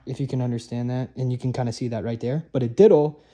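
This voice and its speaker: This drumline instructor is a young man speaking fast, at medium pitch with fairly even intonation. He loosely explains the proper hold for a marching drum stick, restarting often and leaning on fillers, captured on a noisy room recording.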